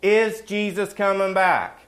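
Animated male pastor preaching conversationally. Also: sits high, slow pace. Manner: animated, asks the congregation questions, often adds "right?". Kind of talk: conversational sermon.

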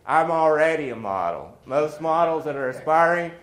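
A man's voice: a little high, animated, moderate pace. Folksy man preaching in an echoey room. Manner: folksy, joking, storytelling. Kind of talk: sermon with personal stories.

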